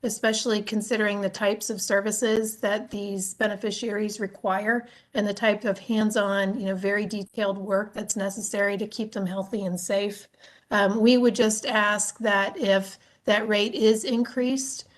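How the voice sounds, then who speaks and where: A woman who works as a state agency official, giving formal testimony to a legislative committee in a measured, explanatory way with frequent filler sounds. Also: medium pitch, level tone.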